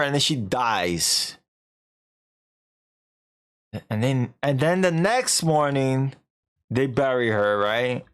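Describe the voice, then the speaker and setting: A rambling, animated male streamer. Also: medium pitch, takes it slowly, clear, resonant tone. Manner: rambling, animated retelling full of acted-out quotes. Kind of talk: casual story recap.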